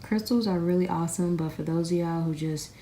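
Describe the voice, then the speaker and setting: A woman's voice: on the low side, a little fast, warm tone, slight background noise. A young woman chatting casually to her viewers from her bed, unwell and a bit out of breath, rambling and calling them y'all. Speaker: crystal vlogger. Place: in bed in a bedroom. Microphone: camera sitting on the bed beside her.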